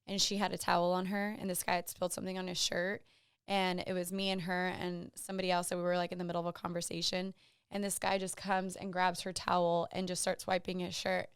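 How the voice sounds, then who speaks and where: A woman co-hosting a casual podcast, telling bar stories in an animated way and acting out the quoted lines. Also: on the low side, quick pace, smooth, no room sound, studio quality. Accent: Texan. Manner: animated storyteller, acts out quoted exchanges. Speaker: podcast co-host. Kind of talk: casual chat.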